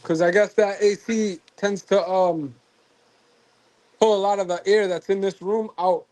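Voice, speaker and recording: Man, stream host, casual chat, rambling, high voice, dry sound. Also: steady tone, a little slow, a little mellow, no room sound. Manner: rambling, trailing off mid-thought.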